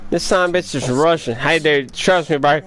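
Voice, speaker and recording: A man's voice: fairly high pitch, a little fast, fairly bright tone. Profane man streaming a game. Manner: rambling, profane, addresses chat directly. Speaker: gaming live streamer. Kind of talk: casual live-stream chat.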